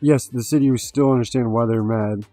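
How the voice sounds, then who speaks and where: A man's voice: mid-range voice, fairly even intonation, a little fast, dark tone, no room sound, faint music behind. A man hosting a casual livestream, rambling and swearing with lots of fillers. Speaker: livestream host.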